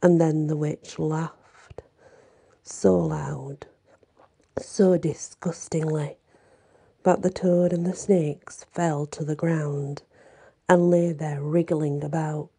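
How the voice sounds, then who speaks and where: A woman reading a fairy tale aloud in a slow, dramatic way, partly whispered. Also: low voice, steady tone, creaky, mellow, husky. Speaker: storyteller.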